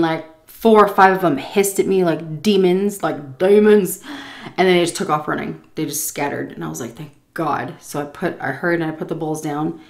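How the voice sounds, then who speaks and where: Woman vlogger, storytelling over dinner, lowish voice, swears, laughs a lot. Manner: animated, swears freely, laughs often. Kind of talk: casual storytelling while eating.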